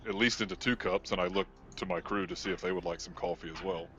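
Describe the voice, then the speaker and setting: A man playing his character in a sci-fi tabletop role-playing game, in a relaxed, dry manner. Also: deep voice, fast, muffled recording, a loud crowd. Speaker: player.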